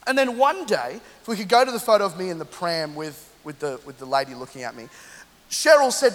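A high-voiced man in his thirties, from London, preaches as a pastor and tells a lively, funny story to his congregation. His voice rings through a church hall with a long echo. He often turns to the room and speaks right to them. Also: fairly quick. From London, England. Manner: animated, humorous, addresses the congregation directly. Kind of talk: storytelling sermon.

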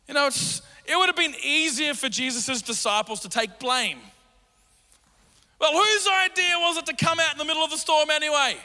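Bright-voiced pastor preaching in a hall. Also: male voice, high-pitched. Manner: animated, acts out quotes in raised voices. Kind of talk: sermon. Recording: long hall reverb.

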